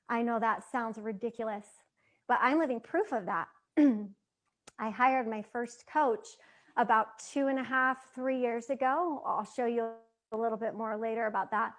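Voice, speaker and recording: A woman's voice: on the high side, unhurried. A woman in her thirties giving an earnest motivational talk to an audience, repeating phrases for emphasis. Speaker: motivational speaker.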